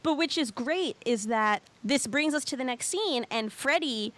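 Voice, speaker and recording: A woman chatting casually with a co-host, recapping a musical and acting out lines in an animated way. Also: high-pitched, unhurried, dry recording. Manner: animated, acts out quotes. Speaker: podcast co-host.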